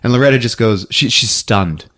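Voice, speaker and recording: A man hosting a podcast, recapping a movie in a casual chat, laughing often and switching into high put-on voices for the characters. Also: normal speed, a bit bright. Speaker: podcast host.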